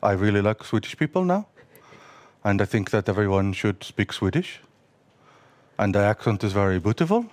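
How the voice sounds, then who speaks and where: A man doing a lowered, hesitant impression of a fellow streamer greeting viewers, full of "uh"s. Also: completely flat delivery, extremely slow, few pauses, darkish tone, smooth, no room sound. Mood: mock-sincere. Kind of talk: comedic impression among friends.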